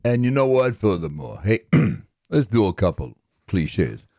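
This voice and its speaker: A man impersonating a gentle, dim-witted middle-aged boxer who mumbles and rambles with halting, self-mocking speech. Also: fairly low pitch, sing-song, no room sound, clean studio sound. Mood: rambling. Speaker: impressionist. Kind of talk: comedic impression monologue.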